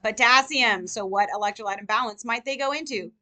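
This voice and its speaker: Bright-voiced woman quizzing a class. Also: fairly high pitch. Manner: energetic, quizzing students with rapid questions. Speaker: nursing tutor. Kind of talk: live classroom lecture.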